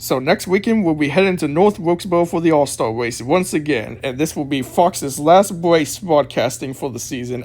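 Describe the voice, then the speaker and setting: A man walks fans through a race weekend in a casual, matter-of-fact tone. His pitch sits a touch high. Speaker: host of fan recap. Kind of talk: casual race recap narration.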